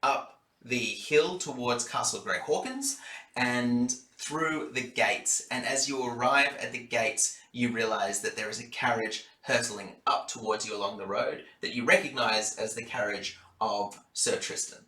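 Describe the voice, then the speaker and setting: A man's voice: mid-range voice, a little slow, bright, forceful tone. A man narrating as dungeon master, describing scenes with some fillers. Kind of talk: narrating a tabletop game. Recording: roomy room sound.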